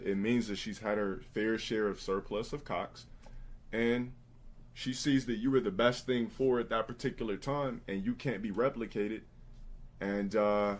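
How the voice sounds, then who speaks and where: A man live-streams crude stories and blunt advice to his chat, often imitating other people in a high, put-on voice.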